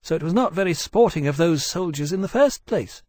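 A man voicing a high, earnest female dragon. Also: expressive, fairly quick, darkish tone, no room sound, clean studio sound.

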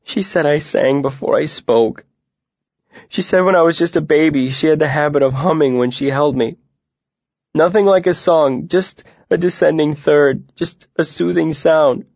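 A man's voice: fairly high pitch, vocal fry, darkish tone, no echo, muffled recording, voice pushed up. A man reading a story, voicing a grieving boy who pours out his memories through tears. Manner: choked, tearful, rushed.

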